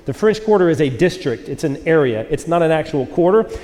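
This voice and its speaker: A man's voice: a little high, expressive, a little fast, darkish tone, big-room sound. A man in his forties, a pastor preaching a sermon to a live church audience, telling a self-mocking story in a casual way and acting out the quotes.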